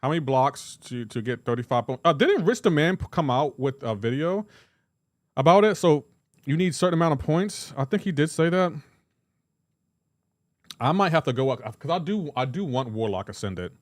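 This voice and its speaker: A man's voice: mid-range voice, no room sound, clean studio sound. A man chatting casually while livestreaming a mobile game, rambling, joking and greeting viewers by name. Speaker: game streamer.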